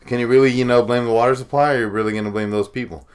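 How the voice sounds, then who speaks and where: A man's voice: medium pitch, fairly even intonation, rapid-fire, clean tone. A man co-hosting a podcast in casual chat, profane and trash-talking, laughing often. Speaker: podcast co-host.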